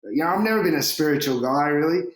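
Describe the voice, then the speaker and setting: A man, a big-wave surfer, telling stories in a casual interview, lively and swearing freely, laughing and acting out what people said. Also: on the high side, quick pace. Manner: animated, swearing, laughing, acts out quotes. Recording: roomy echo.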